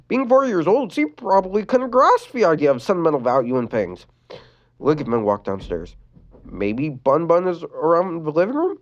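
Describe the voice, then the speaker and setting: Heard through a muffled recording, a storyteller performs a sad fan story with an expressive, swooping pitch. Occasionally a word stumbles and gets begun again.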